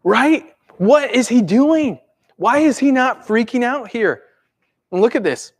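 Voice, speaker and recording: A man preaching a conversational sermon, swinging between urgent bursts and hushed, calm stretches. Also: very high-pitched, measured pace, slightly rough. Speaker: pastor.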